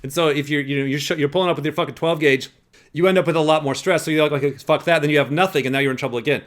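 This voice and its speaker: A man's voice: fairly high pitch, steady tone, very fast. A man hosting a casual commentary on a clip, rambling and profane, often restarting his sentences. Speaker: host.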